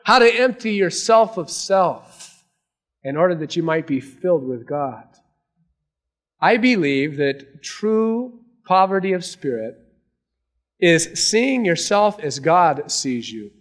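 A man preaching a sermon to a congregation, earnest, swinging between raised emphasis and hushed, quiet lines. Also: high voice, sing-song, takes it slowly. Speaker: pastor.

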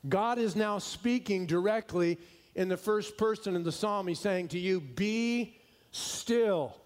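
A male pastor preaching a sermon, stressing key words slowly and dropping at times to a hushed tone. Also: high voice, fairly even intonation.

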